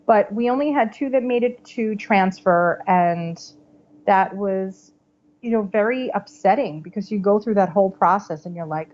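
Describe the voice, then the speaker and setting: A woman in her thirties, a podcast guest telling a personal story in a chatty, animated way, full of "like" and "you know". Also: medium pitch, moderate pace, slight background noise. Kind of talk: casual storytelling interview. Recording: slightly dull podcast audio.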